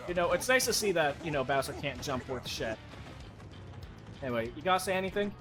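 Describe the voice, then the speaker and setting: A man's voice: fairly high pitch, very animated, a little fast, long pauses, over music. A man giving casual, joking gameplay commentary as a streamer, swearing now and then.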